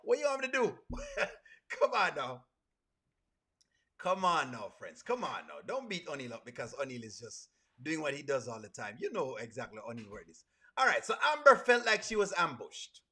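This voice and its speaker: A man with a Jamaican accent giving animated, teasing reaction commentary and talking about himself in the third person. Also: fairly high pitch, normal speed. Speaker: reaction video host. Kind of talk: casual comedic reaction commentary.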